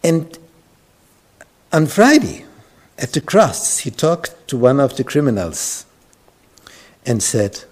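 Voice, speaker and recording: A male pastor dramatically retells scripture in his sermon, his darkish, medium-pitched voice swinging widely at a slow pace with frequent pauses. He suddenly drops into whispers, repeating words and restarting.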